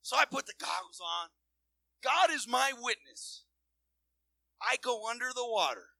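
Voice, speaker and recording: High, bright male preacher telling his story. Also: animated, measured pace, gravelly, no room sound, low-quality recording. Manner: storytelling, swinging from loud emphatic preaching to quiet asides; repeats words and restarts often. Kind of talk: sermon with personal testimony.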